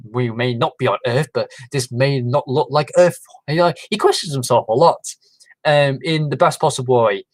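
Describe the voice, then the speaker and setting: A man's voice: mid-range voice, no echo, rough recording. A man hosting a casual livestream, rambling with many fillers and restarts. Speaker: livestream host. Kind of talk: casual chat.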